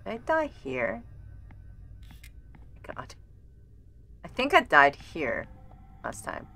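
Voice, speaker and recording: A woman streamer thinking aloud while playing a game, chatty and given to quick exclamations. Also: mid-range voice, huge pitch swings, creaky, bright, forceful tone, soft background music. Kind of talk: casual gameplay commentary.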